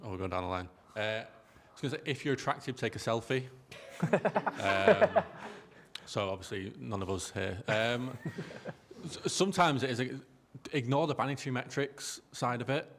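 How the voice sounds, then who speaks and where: A man's voice: medium pitch, very animated, moderate pace, fairly bright tone, slight background noise. A man on a business panel, talking in a joking, self-deprecating way. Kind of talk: casual panel discussion.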